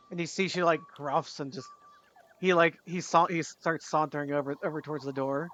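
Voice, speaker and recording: Bright-voiced male game master. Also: high voice, fairly quick, lo-fi sound. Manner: rambling, lots of fillers and restarts. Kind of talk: narrating a tabletop game.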